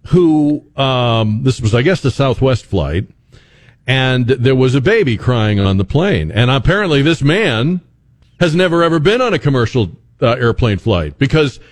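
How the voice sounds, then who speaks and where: A male radio host delivers commentary with a dry, joking edge, often stopping and restarting mid-thought. His pitch rises and falls widely as he talks. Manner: wry, joking, animated with many restarts. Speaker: radio talk show host.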